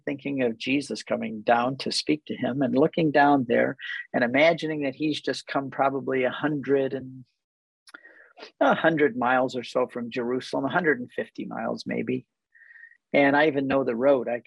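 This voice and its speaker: A man's voice: mid-range voice, creaky, breathy edge, no room sound, rough recording. A man telling a personal story in conversation as a guest who leads tour groups, earnest and reflective and easily moved.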